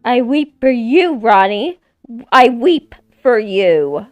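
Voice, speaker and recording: A woman voicing a drunk, weeping nun who speaks in a solemn, ominous, drawn-out way in a text game. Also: sits high, sing-song, mellow, dry recording, faint music behind, full character voice.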